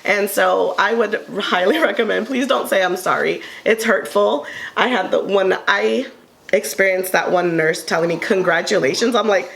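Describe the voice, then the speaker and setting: A woman co-hosting a casual table talk, telling a heartfelt personal story in an earnest way with many pauses and ums. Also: medium pitch, gravelly, a bit bright. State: tearful at moments. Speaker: panel co-host sharing her story.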